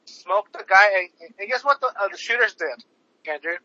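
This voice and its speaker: High-voiced man, rambling profane chat. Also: expressive, moderate pace, sharp tone, no room sound. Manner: rambling, swears often, lots of fillers. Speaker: podcast co-host. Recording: dull lo-fi sound.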